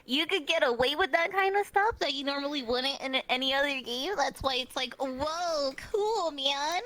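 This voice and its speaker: Chatty lady guest, high bright voice, lots of likes and giggles. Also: a little fast, no room sound. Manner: chatty, filler-heavy, giggly. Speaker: interview guest. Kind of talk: casual chat.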